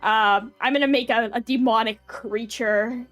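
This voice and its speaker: A young woman streamer talking in a loose, rambling way, full of "like" and little laughs. Her voice sits a bit high, and the recording is close and dry with faint music underneath. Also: fairly even intonation, a little slow, fairly bright tone, no room sound. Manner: rambling, filler-heavy, giggly. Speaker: VTuber streamer. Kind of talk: casual live-stream chat.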